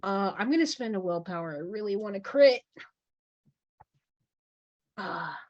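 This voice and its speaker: A woman's voice: medium pitch, lively intonation, unhurried, darkish tone, dry recording, dull audio. A woman playing a tabletop role-playing game, chatting and asking the storyteller questions. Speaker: player. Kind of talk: casual tabletop play.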